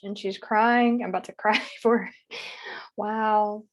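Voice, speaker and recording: Woman hypnosis guide, soft unhurried relaying, mid-pitched voice. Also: level tone, highs cut off. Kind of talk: relaying a regression session.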